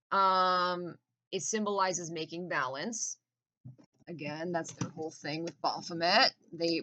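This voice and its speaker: A woman's voice: low voice, bright, forceful tone, low-quality recording. A woman in a casual, profane, intense rant with laughing asides.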